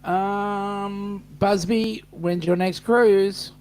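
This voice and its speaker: An Australian man hosts a relaxed live-stream chat and reads out viewer comments as they come in. He talks slowly in a somewhat high voice, with plenty of fillers and asides. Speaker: host.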